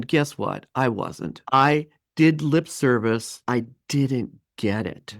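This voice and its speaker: A man in his fifties telling a personal story as a podcast guest, lively and acting out the voices of people he quotes. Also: mid-range voice, slow pace, gravelly, few pauses, dry recording, studio quality. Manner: animated, acts out quoted voices. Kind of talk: storytelling interview.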